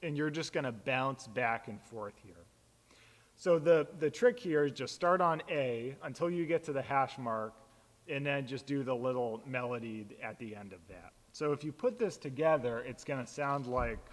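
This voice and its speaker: A man, a pastor, casually explaining how to chant psalms, relaxed and plain-spoken with frequent fillers. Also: mid-range voice, moderate pace, in a large hall.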